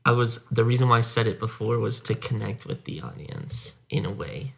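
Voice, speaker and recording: A man hosting a relaxed podcast chat with his friends, precise and quick to correct small details. He grew up in Canada. His delivery is conversational. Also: medium pitch, gravelly. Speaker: podcast host. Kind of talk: casual chat among friends.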